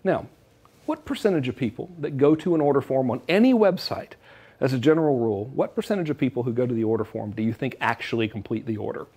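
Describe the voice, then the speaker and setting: Husky, animated male marketing presenter. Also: medium pitch, fast talker. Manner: animated, joking, salesy. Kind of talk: direct-to-camera marketing talk.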